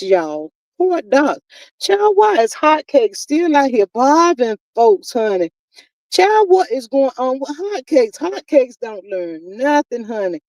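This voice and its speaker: In poor, echo-free audio, a fairly high-pitched woman runs a laid-back livestream and sassily reads out what chat is saying. She's lively, her sinuses leave her slightly stuffy, and she draws out words like "honey" and "child" when addressing people.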